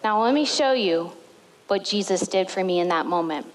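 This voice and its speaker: A woman pastor preaching a sermon to a congregation, telling stories with lively, dramatic retellings. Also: mid-range voice, normal speed, poor audio. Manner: animated storytelling with dramatic retellings.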